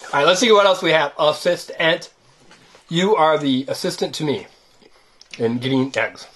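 She speaks at a moderate pace in a deep voice, chatting with a child while the two of them unwrap surprise eggs for an unboxing video. Her manner is lively, teasing and sing-song.

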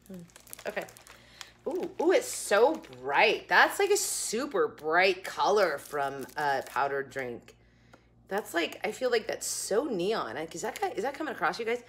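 A woman's voice: medium pitch, big pitch swings, a little slow, a bit bright, slight background noise. A young woman chatting casually in her home kitchen as she reviews food, rambling with giggly asides. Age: young adult. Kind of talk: casual chat.

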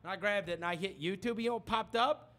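A man's voice: sits high, quick pace. A man hosting a sports radio show, telling a story in casual studio banter and acting out quotes. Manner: animated storytelling, acts out quotes. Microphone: studio microphone.

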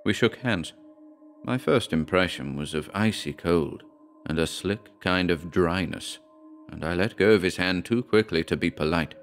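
A man giving a measured, dramatic reading of a horror story. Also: deep voice, soft background music. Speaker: audiobook narrator. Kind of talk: scripted horror narration.

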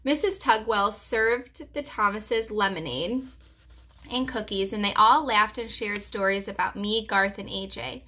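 A preschool teacher reading a chapter book aloud to children in a gentle, reassuring storyteller's manner. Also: female voice, mid-range voice, measured pace.

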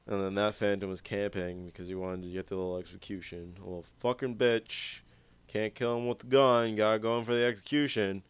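His voice sits low with little pitch movement, smooth and brisk, captured with no echo. The young gaming YouTuber rambles casually over his footage, dropping plenty of swears.

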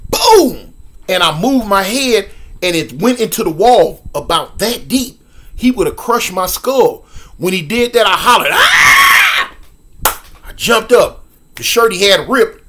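A man in his sixties from Los Angeles telling a story casually, animated, with sound effects and lots of repetition. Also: high-pitched. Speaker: storyteller guest.

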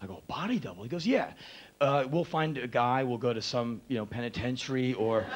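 A man performing spoken word storytelling on a live stage, animated and profane, acting out the quotes of the people in his story. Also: medium pitch, slight background noise. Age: 30s. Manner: animated, profane, acts out quotes in shifting voices.

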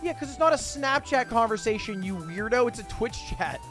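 An extremely high-pitched man in his twenties streams with lively intonation and a brisk pace. Chatting casually, he reads viewers' messages aloud and responds with profane, sarcastic humor, faint music behind.

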